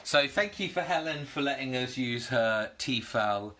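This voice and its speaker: A man's voice: mid-range voice, lively intonation, a little slow, pushed and bright. A British man hosting a casual cooking live stream at home, chatting and greeting viewers by name. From United Kingdom.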